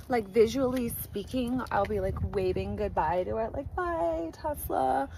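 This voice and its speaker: A smug celebrity woman, airy and giggly, with a gravelly edge to her voice, as a woman puts her on in mockery. Clear music plays behind her throughout. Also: fairly high pitch, lively intonation, slow pace, pauses often, full character voice, low-quality recording. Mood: mocking.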